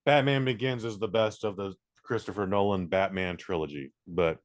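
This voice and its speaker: A man's voice: low-pitched, moderate pace. A man co-hosting a podcast in casual banter, blunt and sarcastic, swearing freely. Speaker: podcast co-host.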